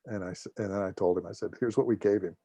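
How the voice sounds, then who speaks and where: A man's voice: sits low, fast talker, husky, no echo, muffled recording. A middle-aged man, a former air force officer giving a guest talk, telling anecdotes with humor and acting out the dialogue of the people in his stories. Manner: lively storyteller, acts out dialogue, jokes.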